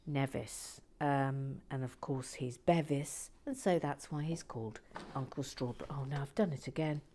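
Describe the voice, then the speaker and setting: A woman hosting a relaxed brick-building video, soft-spoken and playful with dry asides that drift into whispers. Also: extremely low pitch, normal speed, slight background noise. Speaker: host building toy brick sets.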